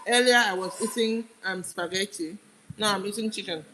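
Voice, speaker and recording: A woman's voice: medium pitch, normal speed, sharp tone, slight background noise, poor audio. A young woman from Nigeria hosting a casual live stream, chatting and greeting viewers by name while she eats. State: eating while talking. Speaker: livestream host.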